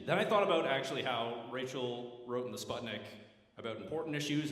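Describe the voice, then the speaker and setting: A man in his thirties hosting an awards ceremony, joking with wry, self-mocking humor between presentations. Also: medium pitch. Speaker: ceremony host. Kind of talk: joking emcee banter. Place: large hall at an awards ceremony. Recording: echoey hall with faint ambience.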